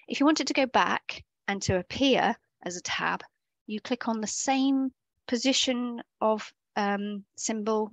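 A woman's voice: medium pitch, gravelly, dry recording. A woman leading a live online coding workshop over a video call, explaining things in a chatty way and often correcting herself as she goes. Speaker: workshop instructor.

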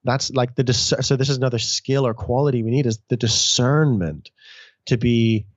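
A man's voice: medium pitch, normal speed, dry recording. Man telling stories, dull audio. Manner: animated storytelling, frequent restarts, casual swearing. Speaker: guest author. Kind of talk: conversational interview.

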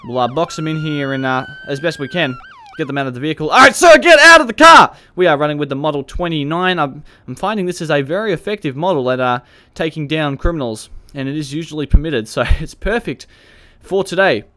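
During a police roleplay, a gaming creator keeps up chatty commentary, laughing and joking often and yelling commands at suspects. He talks fairly quickly with few pauses, in a fairly high voice.

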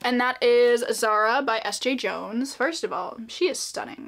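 A woman's voice: on the high side, measured pace, fairly bright tone. A young woman chatting casually in a book vlog, bubbly and giggly, with lots of fillers. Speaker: book vlogger.

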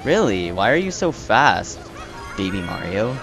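A young man giving excited, swearing live commentary while playing a racing game, groaning and shouting at rivals. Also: on the low side, a little slow, faint music behind. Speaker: let's play gamer.

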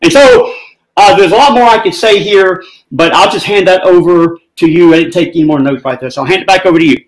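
Guy with a high voice firing back in a debate, kinda scornful. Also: quick pace, poor audio. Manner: dismissive, argumentative. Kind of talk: theological debate rebuttal.

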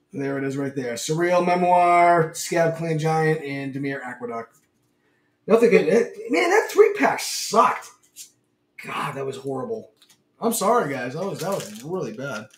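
An excitable man hosting a casual livestream, his voice a bit high and loud, breaking into laughter often. He sits back from the mic in an echoey room with a faint hum behind him. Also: measured pace, far from the mic. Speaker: livestream host.

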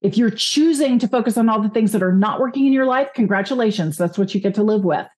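A woman coach, a guest in an interview, talking upbeat and often slowing down to make her points. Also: on the high side, lively intonation, darkish tone. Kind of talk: interview conversation. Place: California.

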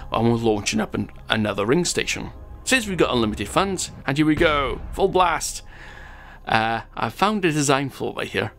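A man's voice: medium pitch, a bit bright. A man hosting a gaming channel, chatting through his gameplay and reading out viewer comments, rambling a little and chuckling at his own jokes.

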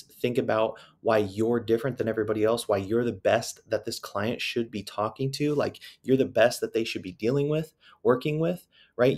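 A man's voice: on the low side, darkish tone. A man coaching salespeople in a casual, conversational way, often adding little tag questions. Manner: conversational, often tags "right?" and "you know". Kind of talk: casual instructional talk to camera.

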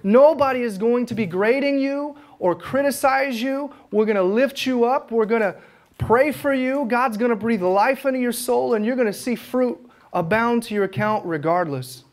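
A man's voice: very high-pitched, moderate pace. A man, an evangelist teaching at a conference, telling his stories with fervor. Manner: fervent storytelling, acts out his own prayers.

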